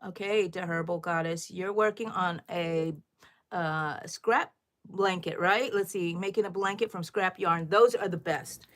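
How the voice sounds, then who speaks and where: A lilting middle-aged woman runs a casual crochet livestream at a measured pace, a touch loud as she thinks out loud mid-project. Her voice sits slightly low for a woman. She chats freely and regularly asks her viewers questions.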